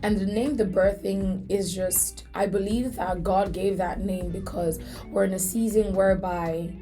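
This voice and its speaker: A woman's voice: mid-range voice, dark tone. A woman hosting a faith podcast, telling a story in an earnest, emotional way. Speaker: podcast host.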